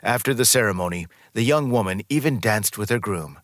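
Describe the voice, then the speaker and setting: Lively low-voiced male narrator, dry. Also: fairly quick, no echo. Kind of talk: scripted story narration.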